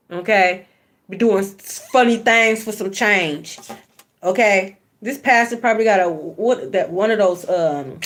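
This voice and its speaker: A woman giving a spiritual card reading, blunt and profane, preaching and repeating phrases for emphasis. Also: medium pitch. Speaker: tarot card reader.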